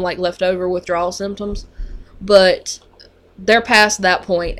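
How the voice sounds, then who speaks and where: A woman who works on a mental health unit, speaking with a lowish, fairly bright voice, tells a story in casual conversation. She's chatty and uses lots of fillers.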